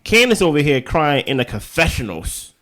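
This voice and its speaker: Picture a man in a laid-back recap chat, his pitch bouncing all over as he jokes and teases his co-host. He talks in a lively, animated way, playing up his opinions. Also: moderate pace. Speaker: podcast co-host.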